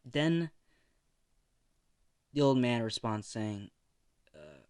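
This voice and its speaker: A young man tells a fan fiction story in a loose, casual way and swears freely. He takes his time and speaks slowly, with rambling asides. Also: medium pitch, big pitch swings, darkish tone, smooth. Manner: slow, rambling, profane, laughs at his own story.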